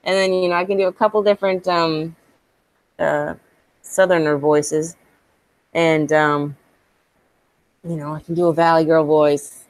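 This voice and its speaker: Casual podcast woman: lowish voice, dry close sound, chatty and profane. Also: steady tone, measured pace, long pauses, no echo. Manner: chatty, swears freely, laughs often. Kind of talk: casual chat.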